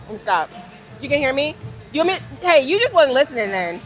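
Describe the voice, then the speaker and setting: A woman's voice: high voice, big pitch swings, fast talker, faint music behind. Chatty young woman livestreaming at the gym. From Virginia, United States. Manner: chatty, addresses viewers as y'all. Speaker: livestreaming fitness creator. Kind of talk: casual livestream chat at the gym. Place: gym, indoors.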